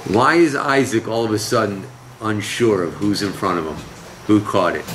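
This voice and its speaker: A man teaching a scripture lesson as a rabbi, talking with his class in a lively, conversational way. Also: on the low side, moderate pace, slight background noise, low-quality recording. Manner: lively, conversational, laughs with students.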